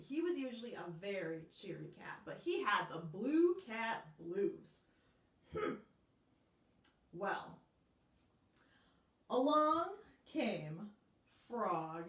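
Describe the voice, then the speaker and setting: A woman librarian leading a children's storytime, slow, animated and encouraging. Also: medium pitch. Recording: roomy sound, mic at a distance.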